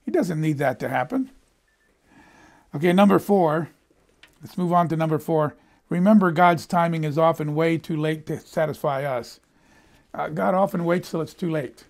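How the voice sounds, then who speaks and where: A creaky, darkish, somewhat high voice belongs to an older preacher from the United States who pauses often and keeps a moderate pace. His sermon is conversational storytelling, and he repeats words when he stumbles.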